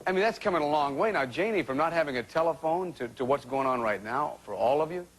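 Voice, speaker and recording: A man working as a TV interviewer backstage, excitable and shouting greetings. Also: a little high, quick pace. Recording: loud crowd and noise on location.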